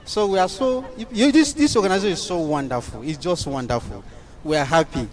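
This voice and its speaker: A man, a community member giving an enthusiastic, halting speech of thanks at a meeting. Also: a little high, crowd noise.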